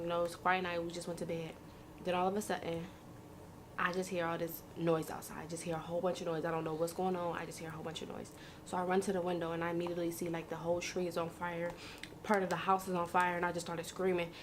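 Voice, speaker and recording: A young woman telling a personal story in a rushed, vivid way, repeating phrases as she goes. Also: lowish voice, slight background noise. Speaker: interviewee. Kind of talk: emotional storytelling.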